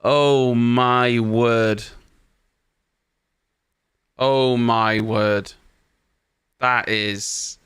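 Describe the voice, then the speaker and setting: A man's voice: medium pitch, pushed and bright, clean tone. A young man hosting a race watchalong, giving live reaction commentary in an exasperated, ranting way and swearing casually.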